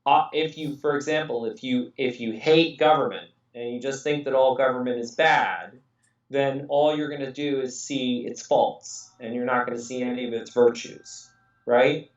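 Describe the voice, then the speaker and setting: A man's voice: mid-range voice, steady tone, normal speed. A man raised in England rambles through a casual podcast chat, full of fillers and restarts. He sits away from the mic in a roomy, echoing space, and the sound is a little dull. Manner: rambling, many fillers and restarts, laughs often. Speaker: podcast host. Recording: echoey room, distant mic, dull audio.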